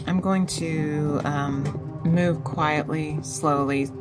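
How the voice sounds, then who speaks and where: A woman's voice: low-pitched, fairly even intonation, extremely slow, over music. A woman playing a tabletop game who asks a lot of questions and talks casually, often restarting her sentences. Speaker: player.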